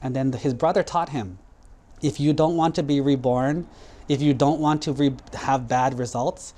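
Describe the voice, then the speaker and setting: A man's voice: medium pitch, fairly even intonation, normal speed, dark tone. A man, a Buddhist monk, telling a moral story to children in a casual, conversational way. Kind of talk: storytelling sermon for kids.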